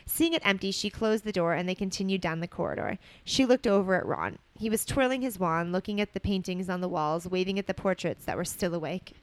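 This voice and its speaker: A woman's voice: on the low side, brisk, few pauses, no room sound. Woman reading a story aloud, dry sound. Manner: expressive, joking asides. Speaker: reader. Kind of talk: reading fan fiction aloud.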